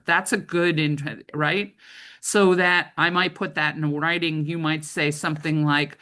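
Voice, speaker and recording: Woman trainer, low voice, middle-aged, conversational lecture, frequent check-ins. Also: fairly even intonation, a little slow, pushed and bright.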